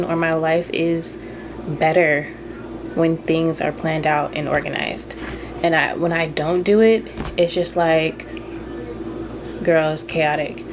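A young woman talks to her camera at home in an easy, chatty way, her voice sitting a little low. She speaks straight to her viewers as friends. The audio comes from the camera, with household noise clearly audible behind her. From Southern California. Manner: chatty, laid-back, addresses viewers as girl and y'all. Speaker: vlogger. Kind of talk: casual chat to camera. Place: at home indoors. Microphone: camera on a stand.

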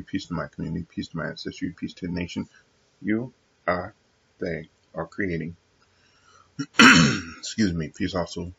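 A man talking to his viewers in a casual, reflective monologue. He is measured and earnest, pausing often with fillers. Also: low-pitched, vocal fry, bright, forceful tone, husky, dull audio. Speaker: vlogger addressing his viewers.

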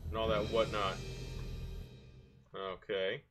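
A man's voice: lowish voice, little pitch movement, slow pace, music in the background. A young man casually commenting on his gameplay in a goofy way, full of silly mild exclamations. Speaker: gameplay video host. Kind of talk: casual let's-play commentary.

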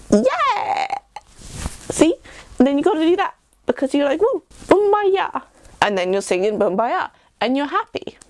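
A woman's voice: medium pitch, darkish tone, no echo. A young English woman vlogging in a rambling, self-deprecating casual chat. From England. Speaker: YouTuber.

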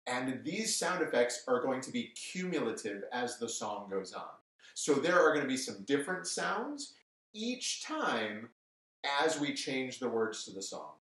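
A man teaching a music lesson to children on television, cheerful and brisk as he talks straight to the kids. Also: medium pitch, sing-song, fairly bright tone. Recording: echoey room, mic at a distance.

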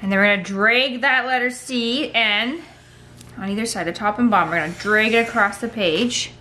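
A woman's voice: on the high side, moderate pace, pushed and bright, faint music behind. A woman running a playful kids' drawing tutorial, telling a story and guiding each step. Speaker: art teacher for kids.

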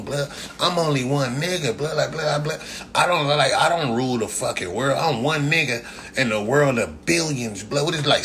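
A man's voice: medium pitch, sharp tone, a little hiss or hum. Blunt profane man ranting. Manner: blunt, profane, repeats "blood" constantly; rhetorical questions and lecturing. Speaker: livestream host answering chat. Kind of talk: casual livestream rant.

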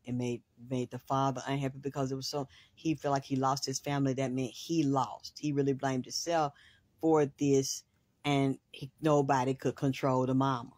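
A woman hosting a spiritual reading, rambling in an excitable monologue and swearing freely in long run-on sentences. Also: extremely low pitch, normal speed, dry recording, clean studio sound. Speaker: host, spiritual reader.

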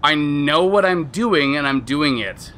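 A man in his thirties streaming a video game, talking candidly and rambling, trailing off, then bursting into high excited reactions at the game. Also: measured pace. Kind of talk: casual let's-play commentary.

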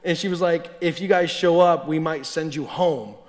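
A man's voice: a little high, steady tone, normal speed. A man preaching a sermon as a personal story, talking conversationally and chuckling between sentences. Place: church sanctuary. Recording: long hall reverb.

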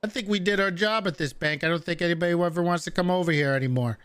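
High-voiced guy in a roleplay game, smooth tone, laughs and grumbles a lot. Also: quick pace, fairly bright tone. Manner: chuckling, grumbling asides. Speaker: roleplay partner. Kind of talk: casual in-character roleplay banter.

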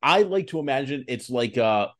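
A man co-hosting a podcast in casual chat, animated, acting out the people in his stories. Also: medium pitch, moderate pace. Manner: animated storyteller, acts out quoted people. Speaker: podcast co-host.

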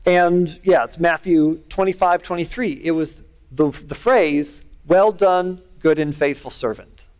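A man's voice: fairly high pitch, darkish tone. A middle-aged man preaching a sermon, telling a personal story in an earnest, conversational way. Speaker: pastor.

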